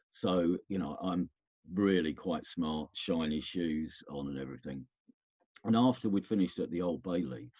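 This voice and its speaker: Deep husky-voiced man reminiscing. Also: warm tone, no echo, lo-fi sound. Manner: rambling, self-interrupting storyteller. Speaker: guest. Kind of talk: casual reminiscing conversation.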